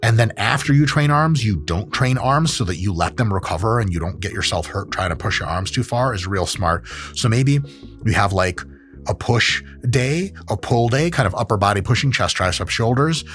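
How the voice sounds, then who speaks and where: A man's voice: lowish voice, normal speed, faint music behind. A man hosting a fitness commentary, joking and swearing casually as he explains training and does a comic ad read. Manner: animated, profane, joking. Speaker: host, exercise scientist.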